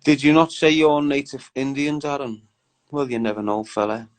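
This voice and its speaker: A man's voice: medium pitch, moderate pace, rough recording. A young man hosting a casual live stream, bantering with viewers in a slangy, chatty way. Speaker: livestream host.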